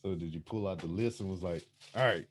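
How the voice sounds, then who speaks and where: A man's voice: sits low, fast talker, warm tone, dry recording. A man hosting a casual online talk show, laid back, laughing often as he asks questions. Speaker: podcast host. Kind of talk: casual interview chat. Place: remote call.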